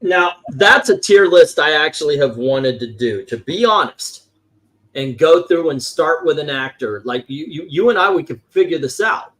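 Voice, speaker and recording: A man co-hosting a casual chat about classic films, animated and swearing casually, at times reading movie quotes aloud. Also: a little high, normal speed. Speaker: podcast co-host.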